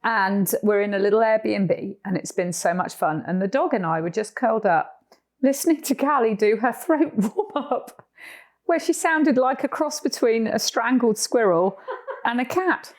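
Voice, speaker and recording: A woman's voice: on the high side, animated, measured pace. A woman from Cornwall with a Cornish English accent, co-hosting a casual podcast chat and telling stories with frequent laughs. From Cornwall, England. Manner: chatty storyteller, laughs often. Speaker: podcast co-host. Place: sofa in a rented house.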